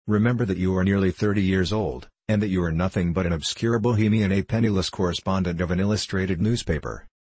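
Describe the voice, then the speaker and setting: A man with a husky voice reading a proud, impatient elder sister in a weary, reproachful manner. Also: low voice, fast, hardly any pauses, a little mellow, no echo.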